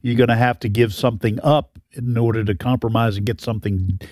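Male talk radio co-host, thoughtful and halting, dry studio sound. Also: mid-range voice, fairly even intonation, a little mellow, dry recording. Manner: thoughtful, hesitant, restarts phrases. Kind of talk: political talk radio discussion.

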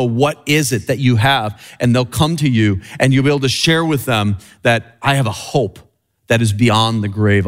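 A man preaching a sermon in an earnest way, rising and falling in pitch and slowing down on key phrases. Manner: earnest, swinging high and low for emphasis, slowing on key phrases.

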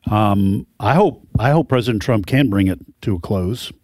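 Low-voiced male radio co-host. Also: normal speed, a little mellow, no room sound. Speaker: radio talk show co-host. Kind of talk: radio talk show chat.

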